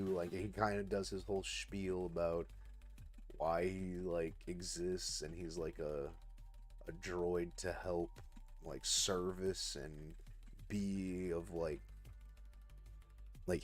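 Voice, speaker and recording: A young man on a livestream casually pitching a story. He rambles, swears and fills every pause with "like". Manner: rambling, heavy "like" filler, cursing. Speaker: artist streamer.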